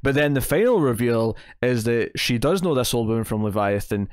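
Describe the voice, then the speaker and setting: A man's voice: medium pitch, lively intonation, moderate pace, clean tone, no echo, studio quality. A man with a Scottish accent co-hosting a TV review podcast, talking bluntly and sarcastically with frequent stammered restarts. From Scotland. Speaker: podcast co-host. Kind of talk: casual chat reviewing TV episodes.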